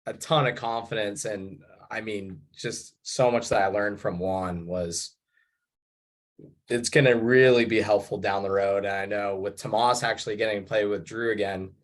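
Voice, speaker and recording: A man with a fairly low voice, a guest on a sports podcast. He speaks modestly and haltingly, often repeating words while he finds his thought. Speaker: guest player. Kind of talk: casual chat.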